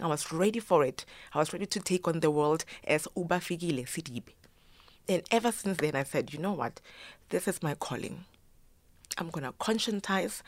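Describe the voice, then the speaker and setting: Low-voiced woman telling her story. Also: dry recording. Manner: animated, acts out quoted voices, mixes in Zulu phrases. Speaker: guest, choreographer and yoga teacher. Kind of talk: emotional personal storytelling.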